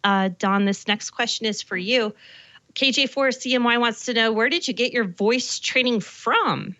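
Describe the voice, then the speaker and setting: A woman's voice: a little high, moderate pace, sharp tone, dry recording, highs cut off. A woman in her forties from Colorado, co-hosting a show in casual chat, talking chattily with many fillers. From Colorado, USA. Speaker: show co-host.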